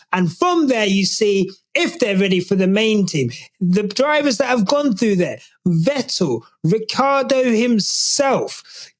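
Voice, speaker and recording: A man hosting a podcast, giving casual, animated opinion commentary with jokey asides. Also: high voice. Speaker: podcast host.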